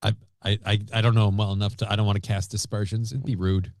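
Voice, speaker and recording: A man co-hosting a casual morning show, throwing in deadpan comebacks. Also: lowish voice, quick pace, no room sound, studio quality. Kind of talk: casual banter.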